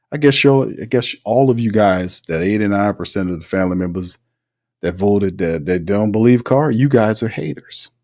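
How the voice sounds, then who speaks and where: A low-pitched man hosts a live sports stream in a loose, energetic way. He repeats words, restarts often and laughs easily. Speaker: livestream show host. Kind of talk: casual live sports talk.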